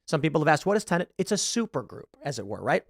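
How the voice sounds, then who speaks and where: A man hosting political commentary, animated and opinionated, recorded on a close studio mic. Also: on the high side, fast talker, creaky, breathy edge, dry recording. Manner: animated, opinionated, self-correcting. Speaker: host.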